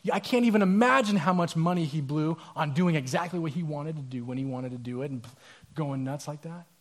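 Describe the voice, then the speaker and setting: Man acting out a bitter older brother, self-righteous, indignant, slightly high voice. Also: brisk, lightly acted. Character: resentful dutiful older brother, young man.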